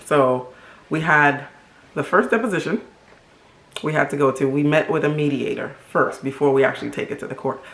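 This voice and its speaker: A woman's voice: deep voice, normal speed, gravelly, slight background noise. Woman from haiti doing a storytime vlog, emphatic and fired up, echoey room sound. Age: middle-aged. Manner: animated, emphatic, indignant storytelling. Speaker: vlogger. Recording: roomy echo.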